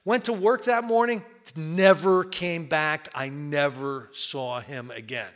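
A New Jersey man gives a candid, rambling personal testimony at a recovery meeting, full of fillers and repeats. His voice is on the high side, and he speaks slowly.

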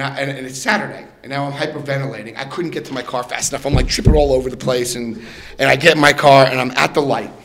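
A middle-aged man telling his recovery story to a room, animated, swinging between loud and soft and acting out voices. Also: medium pitch, a little hiss or hum. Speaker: recovery speaker.

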